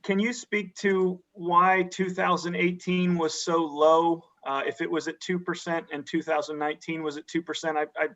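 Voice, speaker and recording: A man on a county board asking careful, measured questions in a public meeting, often restarting his sentences. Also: a little high, little pitch movement, a bit bright. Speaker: county supervisor. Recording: dull lo-fi meeting audio.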